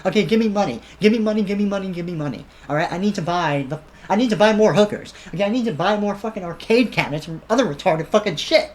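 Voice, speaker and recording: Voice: mid-range voice, fast, few pauses, lightly acted. A commentator mocking a whiny middle-aged man who begs for money, in a mocking, whining tone. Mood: mocking whine.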